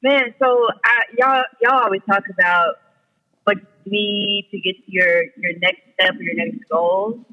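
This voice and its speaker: A man's voice: high-pitched, fairly even intonation, measured pace, long reverb tail, dull audio. A man guest on a podcast, talking casually and easygoing, laughing between thoughts. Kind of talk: casual chat.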